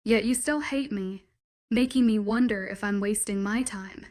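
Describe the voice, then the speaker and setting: A woman's voice: mid-range voice, normal speed, darkish tone, lightly acted. A woman reading a desperate, possessive werewolf lover. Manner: pleading, intense declarations. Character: possessive young male werewolf, desperate and clingy.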